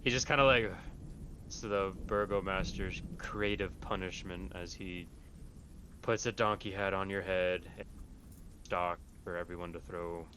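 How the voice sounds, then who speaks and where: Low-voiced man running a tabletop game. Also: steady tone, unhurried, pushed and bright. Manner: hesitant, with many fillers. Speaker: game master. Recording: faint background noise.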